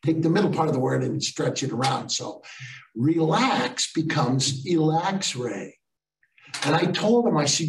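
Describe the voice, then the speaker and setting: An older man giving a keynote talk on a video call, telling animated stories with punchy one-liners. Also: fairly high pitch, unhurried, creaky. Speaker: keynote speaker. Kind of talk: comic storytelling talk. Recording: echoey room, voice far from the mic.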